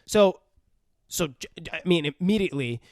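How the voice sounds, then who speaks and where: Chatty young man, slightly high voice. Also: lively intonation, moderate pace, a little mellow, no room sound, studio quality. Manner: rambling, profane, laughs often. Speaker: podcast co-host. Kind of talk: casual film review chat.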